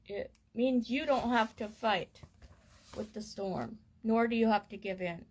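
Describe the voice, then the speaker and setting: A woman reading a parenting course book aloud in a gentle, measured and soothing way. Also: fairly high pitch. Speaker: reader of a parenting course text.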